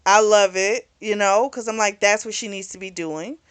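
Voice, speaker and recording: A woman giving a casual, blunt, profane recap of a novel's plot, animated and full of fillers. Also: medium pitch, normal speed, clear, resonant tone. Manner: blunt, profane, talks back at the characters; animated storytelling with lots of fillers. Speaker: book reviewer.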